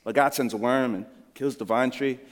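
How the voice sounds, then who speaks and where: A man's voice: mid-range voice, steady tone, moderate pace. Man, pastor, earnest, conversational sermon, church hall reverb.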